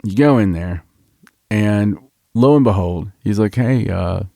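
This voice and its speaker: Male podcast co-host, low voice, dry close sound, rambling casual banter. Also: lively intonation, measured pace, dark tone, no room sound. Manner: rambling, joking, trails off and restarts. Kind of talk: casual chat.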